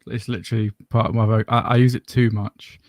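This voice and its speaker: A man's voice: fairly low pitch, flat delivery, fast talker, darkish tone, no room sound, clean studio sound. A British man from the UK chatting casually, joking and laughing, often stammering. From United Kingdom. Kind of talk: casual chat.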